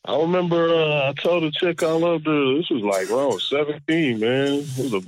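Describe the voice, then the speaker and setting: A man calling in to a talk show, speaking hesitantly with relaxed slang. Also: a little high, brisk, a little hiss or hum, rough recording. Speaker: caller. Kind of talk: casual chat.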